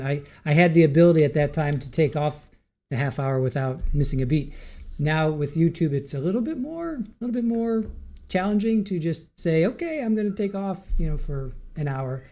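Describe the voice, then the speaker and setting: A livestream host chats casually, rambling and restarting as he reads viewer comments aloud. His voice is on the high side with a warm tone.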